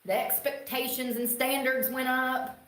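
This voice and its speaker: A woman's voice: high voice, level tone, unhurried, fairly bright tone, reverberant. A woman from North Carolina with a Southern twang, chatting casually and rambling on a home livestream, swearing freely. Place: indoors at home.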